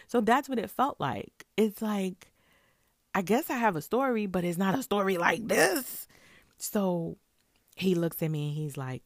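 A woman's voice: fairly low pitch, moderate pace, dry recording, studio quality. A woman vlogger telling a story in a casual way, acting out the lines of the people in it. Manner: animated, acts out her own and others' lines.

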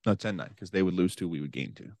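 A man co-hosting a sports podcast, talking in a casual, animated way with quick asides and frequent laughter. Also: low voice, dry recording, studio quality. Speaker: podcast co-host.

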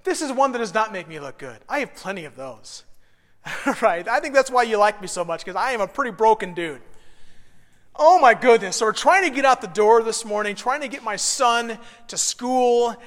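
Male pastor, 30s, high-pitched and bright, lively self-deprecating storyteller, long hall reverb. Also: moderate pace. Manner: animated, self-deprecating storyteller who builds to shouts. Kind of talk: sermon with personal storytelling.

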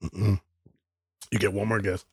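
A man's voice: on the low side, flat delivery, a little slow, slightly rough, no echo, clean studio sound. A man co-hosting a casual podcast, quizzing his friend with teasing remarks and frequent laughter. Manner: teasing quizmaster, laughs often. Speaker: podcast co-host.

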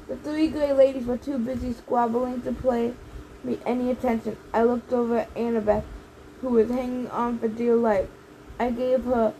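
A woman reading a first-person novel aloud in a brisk, lively storytelling manner. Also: fairly high pitch, a little hiss or hum, low-quality recording. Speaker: audiobook reader.

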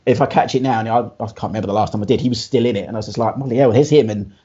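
Man, relaxed podcast co-host, rambling and husky, slightly muffled recording. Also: lowish voice, very fast. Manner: relaxed, laughs easily, rambling asides. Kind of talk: casual chat.

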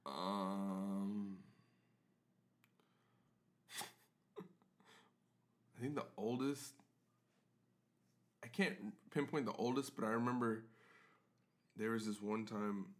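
A man's voice: lowish voice, steady tone, slow pace, long pauses. A man co-hosting a podcast in casual chat, telling crude, profane stories and breaking into laughter. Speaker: podcast co-host.

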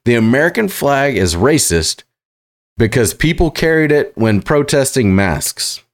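A man hosting reaction commentary, sarcastic and halting, full of fillers and restarts. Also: mid-range voice, very animated. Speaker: commentary host.

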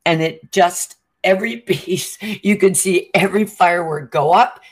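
A woman's voice: fairly low pitch, moderate pace, slightly rough. A woman telling a long story in casual chat, acting out the lines of the people in it and laughing as she goes. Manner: animated, acts out quotes with laughs. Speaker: co-host.

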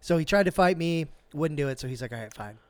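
A man tells a rambling story with a slightly high voice, swearing freely and jumping up loud for the quotes. The sound is dry and close, with no room around it. He talks like a regular on a casual podcast. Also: fast, no echo. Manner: animated, profane, acts out quotes. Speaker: podcast co-host.

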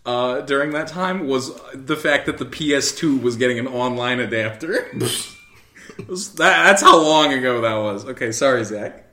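A man's voice: medium pitch, moderate pace, pushed and bright. A young man co-hosting a casual podcast, jokey and teasing, often laughing mid-sentence. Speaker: podcast co-host. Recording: roomy echo.

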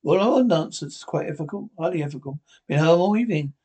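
An actor playing a scheming henpecked husband in a 1950s radio drama, talking in a confiding, conspiratorial way. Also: male voice, a little high, animated, fairly quick, a little mellow, breathy edge. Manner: confiding, conspiratorial, eager to show off. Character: sly henpecked middle-aged husband, scheming and pleased.

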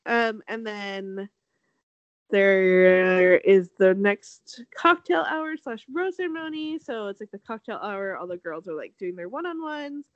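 A young woman co-hosting a casual chat, talking fast and loose, laughing often and acting out quotes. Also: expressive, no echo, muffled recording. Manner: chatty, laughs often, acts out quotes with big pitch jumps. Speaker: podcast co-host. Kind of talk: casual chat recapping a reality show.

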